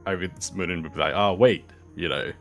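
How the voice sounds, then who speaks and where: A man playing a tabletop role-playing game, talking in a halting way full of fillers and restarts. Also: low-pitched, fairly even intonation, gravelly, bright, forceful tone, soft background music. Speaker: player. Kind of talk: casual play discussion.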